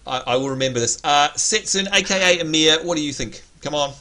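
A man's voice: a little high, fairly quick, very noisy. An Australian man hosting a gaming livestream, chatting playfully and teasing his viewers. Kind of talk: casual livestream chat.

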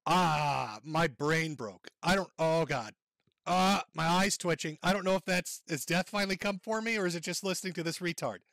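A man's voice: on the high side, normal speed, vocal fry, a bit bright, no room sound. A man hosting a stream, mocking and ridiculing the person in the clips he plays. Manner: sneering, ridiculing, laughs at clips.

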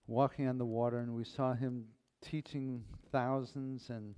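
Slow-speaking male pastor preaching. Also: mid-range voice, little pitch movement, dark tone, clean tone. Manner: folksy, playful, unhurried preaching. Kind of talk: sermon and closing prayer. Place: church sanctuary.

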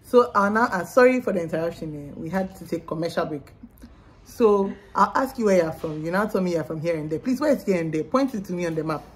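A woman's voice: on the low side, expressive, fast talker. A young woman, chatting animatedly on a vlog with a friend, exclaiming with mock exasperation. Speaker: vlogger. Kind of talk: casual chat.

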